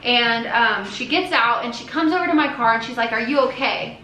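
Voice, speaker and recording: A woman's voice: fairly high pitch, fairly quick, bright, forceful tone, a little hiss or hum. A young woman vlogger telling a personal story to her viewers in a casual, earnest way, full of fillers and restarts. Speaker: family vlogger. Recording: echoey room with faint ambience.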